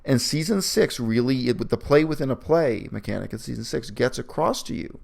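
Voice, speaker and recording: A man with a gravelly voice, talking fast and opinionated in a casual review chat. He turns sarcastic often and is close to the mic. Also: medium pitch, animated, a little mellow. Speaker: video reviewer. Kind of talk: casual analytical discussion.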